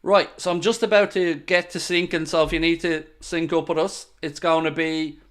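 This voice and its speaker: A young man giving live football commentary during a watchalong stream, talking to his viewers between plays and groaning loudly at near misses. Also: fairly high pitch, moderate pace. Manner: excitable, bursts into loud groans at near misses, chatty asides to viewers. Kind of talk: live match commentary with chat.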